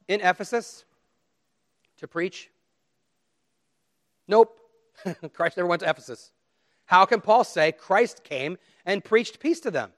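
A middle-aged pastor delivering a sermon in an earnest, pleading way. His voice sits a little high for a man. He swings from loud, pressing emphasis down to quiet appeals.

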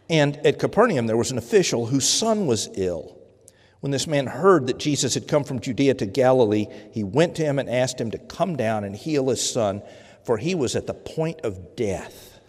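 A man's voice: medium pitch, a little mellow. Man preaching in a reverberant hall. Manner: conversational, repeats words, acts out quoted voices. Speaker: pastor. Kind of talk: sermon.

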